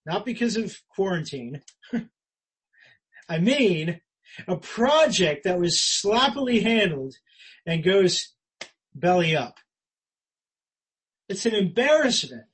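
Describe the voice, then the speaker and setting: Man, pastor, sermon, high voice, earnest conversational preaching, emphatic swells and quiet drops. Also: breathy edge, poor audio. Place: church.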